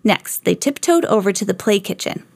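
Expressive woman reading a storybook aloud. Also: medium pitch, normal speed, creaky, no room sound. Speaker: host reading to children. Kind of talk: read-aloud storybook narration.

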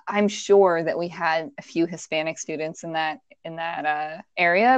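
A woman's voice: fairly low pitch, dry recording, lo-fi sound. A woman with a Virginia accent co-hosting a podcast, chatting casually and rambling with little laughs and restarts over a call. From Virginia, USA. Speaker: podcast co-host.

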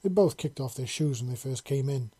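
A man narrating a storybook chapter in a calm, unhurried, even way. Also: medium pitch, slightly rough. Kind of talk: storybook reading.

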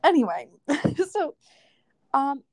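Philly woman podcast host, chatty, kinda high voice, dry close mic, ranty storytelling. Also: very animated, slow pace, no echo. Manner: chatty, ranting storyteller, quotes people, laughs often. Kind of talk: casual chat.

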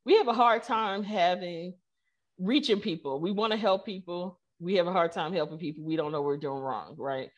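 A woman's voice: fairly low pitch, moderate pace. Middle-aged woman, tech founder guest, casual storyteller who acts out quotes. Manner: animated storyteller, many fillers, acts out quotes. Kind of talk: casual conversational interview.

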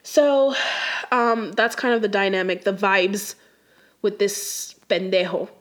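A woman's voice: medium pitch, fairly even intonation, slow pace. A young woman rants casually to her viewers in slangy, exasperated speech. Her voice sits in an ordinary middle register. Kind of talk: casual storytime rant.

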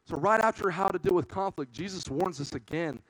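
A man's voice: sits high, animated, brisk, fairly bright tone, no room sound, rough recording. Earnest young man preaching, dry sound. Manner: casual, earnest, says "man" often. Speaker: youth ministry preacher. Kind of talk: sermon.

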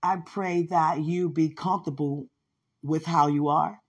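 A woman with a husky, slightly low voice hosts a spiritual podcast, speaking fervently to her listener. She laughs often and bursts into exclamations as she testifies. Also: steady tone, unhurried, lo-fi sound. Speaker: podcast host.

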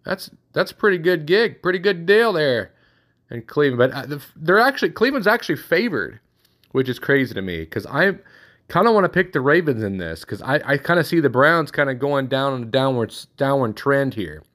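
A man's voice: medium pitch, big pitch swings, a little fast, a bit bright. A man hosting a casual sports picks show, rambling and correcting himself as he thinks aloud. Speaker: sports podcast host.

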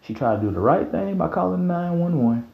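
A man hosting a casual podcast rant, heated and profane, dropping to low mutters and jumping up to high yells. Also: animated, fairly quick, gravelly. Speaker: podcast host. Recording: roomy, dull lo-fi sound.

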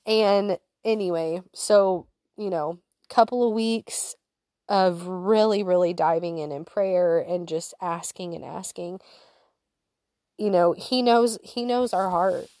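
A woman in her thirties sharing a personal faith story in a chatty, candid way, laughing easily and dropping to soft whispers. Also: on the low side, slow pace, no room sound, clean studio sound. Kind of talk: casual personal testimony to an audience.

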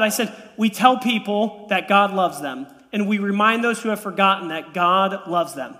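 A man's voice: high voice, a little fast. A man in his thirties preaching a sermon in a church, telling stories with playful asides. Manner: animated storytelling with playful asides. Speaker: pastor. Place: church sanctuary. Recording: long reverb of a church hall.

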